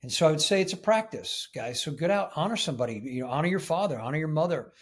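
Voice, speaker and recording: A man's voice: on the high side, expressive, quick pace, breathy edge. A man speaking as a guest in an interview, in an earnest, emphatic way. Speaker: podcast guest. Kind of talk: casual interview chat.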